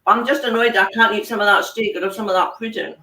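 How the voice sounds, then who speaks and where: Bright-voiced woman hosting a casual whisky tasting on a video call, recorded from across an echoey room. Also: medium pitch, fairly even intonation, quick pace. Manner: chatty, laughs often, trails off mid-sentence. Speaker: host of an online whisky dinner. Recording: echoey room, distant mic, faint noise.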